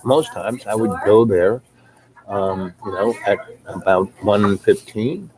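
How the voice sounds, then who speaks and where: A man's voice: on the low side, slow, a crowd in the background, poor audio. A middle-aged man telling a long personal anecdote in a rambling, casual way, full of fillers and asides. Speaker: storyteller.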